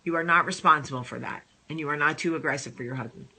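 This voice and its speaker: A woman hosting a casual advice vlog, talking in an animated, emphatic and sassy way. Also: deep voice, quick pace, noisy background. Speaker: host.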